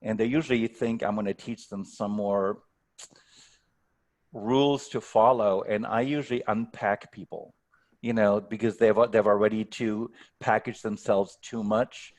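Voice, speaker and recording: A man's voice: fairly low pitch, steady tone, unhurried, a little mellow. A man speaking as a guest coach on a video call, answering questions thoughtfully and often repeating words as he starts a sentence. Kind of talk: online workshop Q&A.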